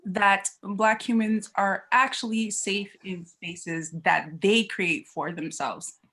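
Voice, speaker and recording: A woman guest speaking in a very slow, relaxed way. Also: medium pitch. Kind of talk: casual video call conversation.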